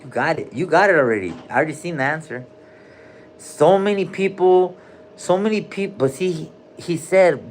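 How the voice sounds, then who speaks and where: With a fairly high pitch and lively intonation, a man talks at normal speed while livestreaming from a hospital room over slight background noise. He keeps it casual, joking in heavy slang and naming viewers.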